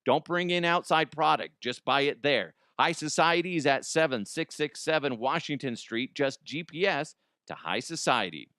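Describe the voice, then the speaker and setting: A man's voice: fairly high pitch, animated, moderate pace, few pauses, pushed and bright, no echo, studio quality. A man hosting a comedy news show, reading ads and riffing in a playful, sarcastic way with jokey asides. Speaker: comedy news podcast host.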